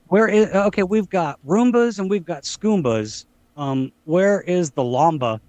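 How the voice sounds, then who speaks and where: A man's voice: high voice, animated, unhurried, a little mellow, no room sound. A man co-hosting a casual podcast chat, chatty and jokey, fond of dropping film quotes. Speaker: podcast co-host.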